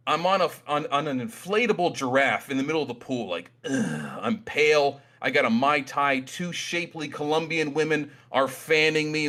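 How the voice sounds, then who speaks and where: Animated, self-mocking man host. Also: fairly high pitch. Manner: animated, self-mocking storytelling with loud outbursts. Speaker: trading channel host. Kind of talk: casual monologue to camera. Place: small room at his desk.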